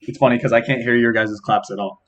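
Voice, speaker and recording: A man's voice: medium pitch, fairly even intonation, fast talker, fairly bright tone, highs cut off. A young man hosting a casual podcast chat with friends, rambling and laid-back, laughing often. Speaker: podcast host.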